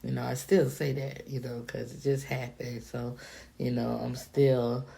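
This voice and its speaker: A woman with an unusually deep voice and a gritty, crackling edge to it tells a story to camera. She is from the Miami-Dade area and talks bluntly and profanely. Her delivery is animated and conversational. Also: unhurried, creaky. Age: adult, past her younger days. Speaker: vlogger. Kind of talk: casual storytime monologue.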